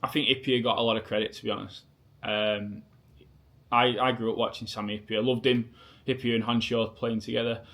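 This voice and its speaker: Man, thirties, Lancashire accent, laid-back rambling chat, mid-pitched voice. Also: little pitch movement, brisk, a bit bright. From Preston, England. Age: 30s. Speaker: co-host. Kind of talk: casual chat.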